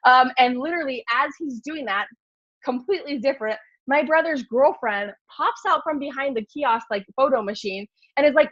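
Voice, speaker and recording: A woman telling a story to a group in a casual, animated way, full of fillers like "like". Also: high voice, normal speed, dry recording. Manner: animated, filler-heavy, lots of "like". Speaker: speaker at a mindset meeting. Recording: dry, dull lo-fi sound.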